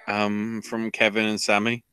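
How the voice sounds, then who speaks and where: A man's voice: fairly low pitch, monotone, unhurried, bright, forceful tone, smooth, no echo. A man co-hosting a podcast, rambling through wrestling news in a casual chat full of fillers. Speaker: podcast co-host.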